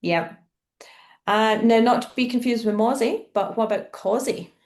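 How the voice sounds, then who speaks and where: A woman's voice: on the high side, normal speed, a little mellow. A woman from Scotland with a Scottish accent, a guest in a casual podcast chat, asking questions and laughing easily.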